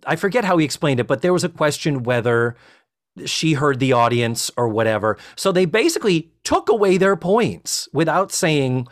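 A man co-hosting a comedy podcast, talking through his point earnestly and at length. His voice sits fairly high and moves with a lot of expression. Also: very animated, normal speed. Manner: earnest, explanatory, laughs often. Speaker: podcast co-host. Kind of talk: casual comedic chat.

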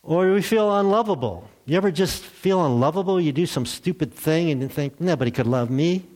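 A man's voice: fairly high pitch, expressive, brisk, a little mellow. An older man preaching a sermon in a church, speaking to his congregation in a conversational, self-deprecating way. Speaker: pastor.

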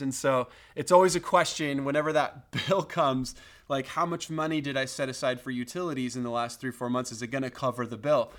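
A man preaching a sermon, telling a personal story in an animated way that builds and then settles. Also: medium pitch. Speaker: pastor.

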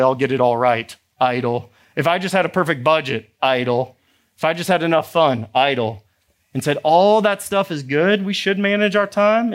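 Animated high-voiced preacher man. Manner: animated, acts out characters, rising to emphatic exhortation. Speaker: pastor. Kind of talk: sermon.

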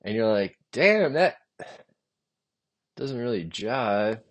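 A young man rambling through a profane solo monologue, drifting off into quiet mumbles between lines. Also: medium pitch, very animated, slow pace. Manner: meandering, profane, trails off quietly. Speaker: podcast host.

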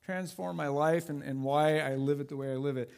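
A man's voice: fairly high pitch, fairly even intonation, a little fast, vocal fry, darkish tone, clear, resonant tone. A man preaching a sermon to a church congregation as a youth pastor, conversational and self-deprecating with plenty of jokes.

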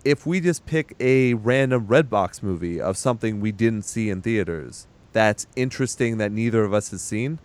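A man's voice: on the low side, lively intonation, moderate pace, hardly any pauses, a little mellow. A man hosting a casual podcast, joking around and laughing often with his co-hosts. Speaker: podcast host. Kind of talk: casual chat.

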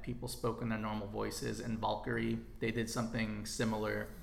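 A man's voice: lowish voice, creaky, a little hiss or hum. A man co-hosting a casual film podcast, explaining old film history in an easy, informative way. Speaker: podcast co-host. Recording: roomy echo.

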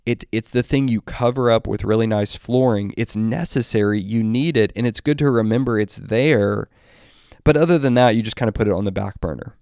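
A man with a fairly low voice delivers earnest, scripted commentary on preaching. He talks emphatically and slows right down to press his main points. The sound is dry and close, with no room around it. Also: a little mellow, no echo. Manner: earnest, emphatic, with deliberate slowed stresses. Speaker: Christian commentator.

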